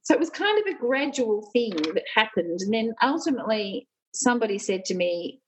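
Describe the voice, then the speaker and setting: A woman's voice: a little high, sing-song, moderate pace, slight background noise, rough recording. A middle-aged woman, a union leader and former nurse, telling personal stories candidly and with animation in an interview.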